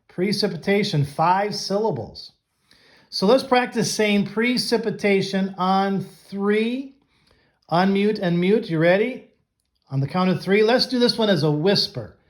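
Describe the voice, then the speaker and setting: A man teaching an online class, coaching students and drawing out each vocabulary word slowly and clearly. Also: high-pitched, lively intonation.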